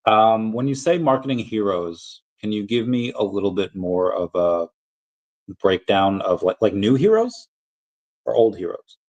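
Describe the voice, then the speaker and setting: Speaking a little slowly in a fairly low, slightly mellow voice with lively intonation, a man hosts a casual crypto livestream. He goes through viewer comments but rambles, gets distracted, and interrupts himself.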